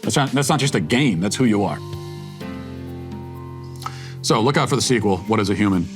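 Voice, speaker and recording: A man's voice: on the low side, expressive, fast talker, music in the background. A man co-hosting a casual discussion, talking reflectively and restarting his sentences at times.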